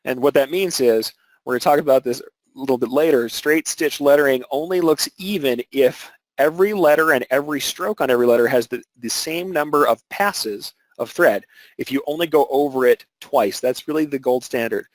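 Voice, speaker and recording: A man's voice: medium pitch, fairly quick, no echo, poor audio. A man teaching an embroidery webinar, explaining technique step by step with filler words and restarts. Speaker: embroidery instructor.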